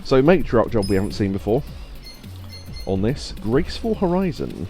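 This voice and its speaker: A man's voice: fairly low pitch, moderate pace, warm tone, faint music behind. A man streaming a game, giving casual joking commentary with chuckling asides.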